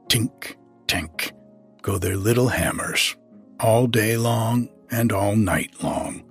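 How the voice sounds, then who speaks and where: Man, storybook narrator, low voice, very breathy, faint music behind. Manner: gentle, unhurried, addresses the listener.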